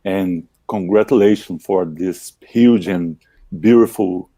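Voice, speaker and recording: A man's voice: sits low, slow, dark tone. A man from Brazil, a guest speaking politely and evenly over a video call.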